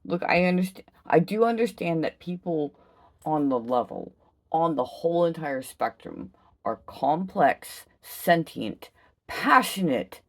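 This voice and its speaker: A woman giving an impassioned solo vlog rant, emphatic and profane, swinging from loud outbursts to low, slow musing. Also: very animated. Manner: intense, emphatic, heavy swearing. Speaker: vlogger.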